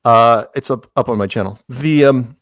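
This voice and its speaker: A man's voice: mid-range voice, moderate pace, fairly bright tone, dry recording, studio quality. A man talking as a podcast guest in a rambling way, full of restarts and sarcastic asides. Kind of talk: casual chat.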